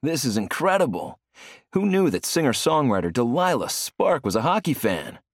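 A man voicing a male sports commentator with loud broadcast delivery, in an audiobook. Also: mid-range voice, sing-song, normal speed, no echo, clean studio sound, voice pushed up. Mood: excited.

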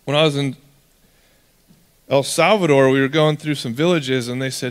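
A man's voice: medium pitch, steady tone, moderate pace, long pauses, clean tone. Male pastor, sermon, conversational storytelling, acts out voices, long hall reverb.

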